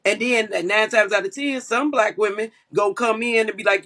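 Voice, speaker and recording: A woman co-hosts a casual live-stream commentary, telling stories in a blunt, profane, animated way. Her medium-pitched voice is brisk with few pauses, and the recording quality is low.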